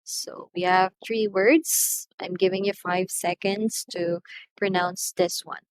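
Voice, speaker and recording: A woman with a Filipino accent teaching an English lesson, slowly and deliberately, stressing example words loudly. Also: medium pitch, fairly even intonation, low-quality recording. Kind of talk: recorded lesson.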